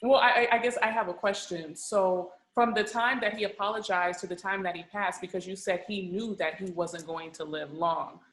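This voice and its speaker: A woman's voice: medium pitch, fairly even intonation, normal speed, hardly any pauses, fairly bright tone, echoey room. A woman hosting a podcast, listening attentively and asking probing follow-up questions. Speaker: podcast host. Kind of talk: interviewing.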